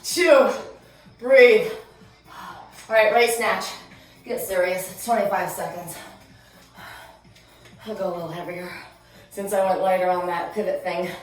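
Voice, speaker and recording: A woman's voice: medium pitch, unhurried, long pauses. Breathless woman coaching a workout. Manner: energetic cueing, counting down, chatty asides. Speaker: fitness instructor. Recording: roomy echo, distant mic, music behind.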